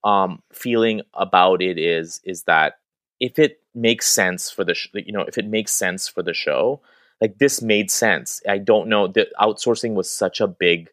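A man's voice: low-pitched, a little slow, fairly bright tone, no room sound, clean studio sound. A male actor talking casually as an interview guest, chatty and full of restarts and fillers.

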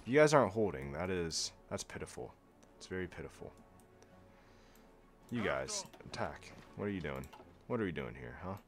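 A young man giving casual, sarcastic gameplay commentary as a video host, often laughing at himself and going deadpan when joking. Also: low voice, normal speed, pauses often, music in the background. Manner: flat monotone when joking.

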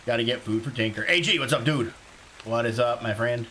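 A man from South Carolina streaming a survival game live, chatting excitedly and greeting viewers by name. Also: medium pitch, fast, a little hiss or hum. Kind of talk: casual live game commentary.

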